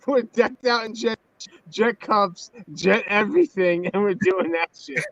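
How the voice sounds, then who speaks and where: Amused man with a high voice. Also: measured pace, no echo, dull audio. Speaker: guest. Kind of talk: casual live-stream chat.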